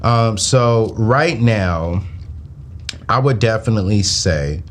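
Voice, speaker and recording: Man, call-in host, lively swooping pitch, slangy and joking. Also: takes it slowly, slight background noise. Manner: animated, preacherly, slangy and joking. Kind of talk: live call-in finance show.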